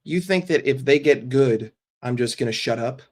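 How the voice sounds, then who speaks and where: A man with a voice of middle pitch hosts a live stream and answers his chat in a loose, casual way. He talks bluntly, swears a lot and makes quick jokes. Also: lively intonation, a little mellow. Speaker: livestream host.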